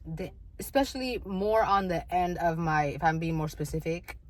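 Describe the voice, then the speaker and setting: A woman's voice: lowish voice, moderate pace, low-quality recording. A young woman talking candidly in a casual vlog, rambling with many fillers and restarts. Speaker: vlogger.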